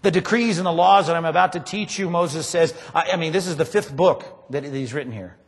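A man preaching a sermon, emphatic and animated, often asking his congregation rhetorical questions. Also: on the high side, a little fast, in a large hall. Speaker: pastor.

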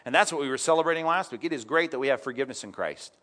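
A man's voice: medium pitch, racing, fairly bright tone. A man preaching a sermon, reading scripture and breaking off into chatty asides and rhetorical questions to the congregation. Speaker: pastor.

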